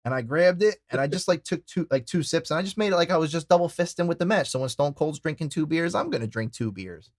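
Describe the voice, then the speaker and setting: Young male podcast host, brash and profane storyteller, voice a bit high, dry booth sound. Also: expressive, fast talker, few pauses, dry recording. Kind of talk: casual chat.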